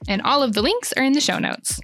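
Chatty woman podcast host, fairly high voice. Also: quick pace, soft background music. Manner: chatty, laughs often, animated. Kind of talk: casual chat.

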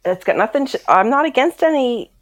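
A woman's voice: high-pitched, lively intonation, a little fast. A woman hosting a casual talk show, chatting and laughing often. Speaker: show host. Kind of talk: casual chat.

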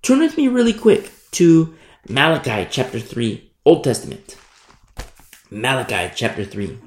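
A male pastor preaching a sermon, acting out grumbling church members in a conversational, animated way. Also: mid-range voice, measured pace, echoey room. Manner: animated, acts out congregation's grumbling.

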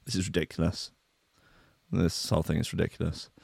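A man's voice: deep voice, little pitch movement, brisk, creaky, a little mellow, breathy edge, dry recording, clean studio sound. A man hosting a stream, reading a news story aloud and breaking in with sarcastic, incredulous asides. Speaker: stream host.

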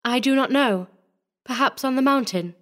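A man's voice: very high-pitched, moderate pace, fairly bright tone, pitched above the performer's own voice. A man reading a story voices a cold, ironic young noblewoman with feigned innocence. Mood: coy.

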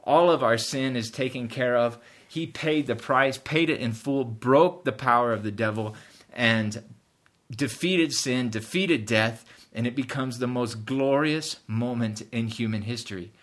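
A man's voice: medium pitch, measured pace, fairly bright tone. A man preaching a sermon earnestly, rising in emphasis at key points. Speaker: pastor.

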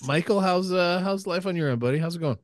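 A man's voice: high voice, quick pace. A man co-hosting a casual podcast, teasing the others with playful questions. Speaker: podcast co-host. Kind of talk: casual chat.

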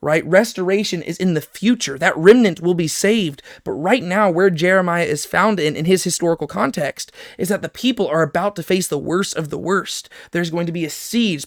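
A man's voice: high voice, dry recording, studio quality. A man teaching a Bible lesson, reading verses aloud and explaining them, checking in with "right?" as he goes. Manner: explanatory, reads scripture aloud, frequent "right?" check-ins. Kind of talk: scripture lesson.

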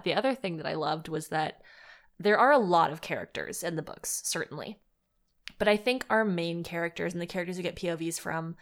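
A young woman co-hosting a casual chat podcast, chatty and enthusiastic with lots of fillers. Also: deep voice. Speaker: podcast co-host. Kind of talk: casual chat about fan fiction.

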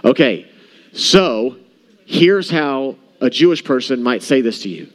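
A man's voice: mid-range voice, animated, slow pace. A man preaching a sermon in a church, talking conversationally and often checking in with the congregation. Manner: conversational, asks the room questions. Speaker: pastor.

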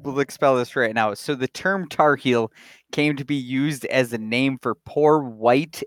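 A man joking his way through a loose podcast conversation, laughing often. His voice sits at an ordinary middle pitch and sounds dry and close. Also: unhurried, no echo. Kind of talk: casual chat.

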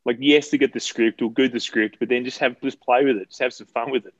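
A man's voice: mid-range voice, steady tone, fast, over a noisy crowd. Joking man, dull lo-fi mic. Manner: joking banter. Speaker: podcast co-host. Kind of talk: casual podcast chat.

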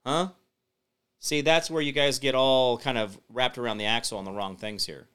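Male show host, bright clear voice, rambling chat-reading delivery that builds to emphatic points. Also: mid-range voice, fairly even intonation, normal speed. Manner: rambling, reads out viewer comments and replies; emphatic, builds up loudly when explaining. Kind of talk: casual live-stream commentary.

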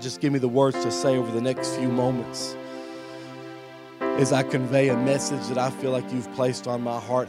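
A man preaching a sermon in a church, dropping to a hushed, intimate voice and then rising to shouted emphasis, often calling out to the congregation for a response. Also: medium pitch. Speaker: pastor. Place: church sanctuary.

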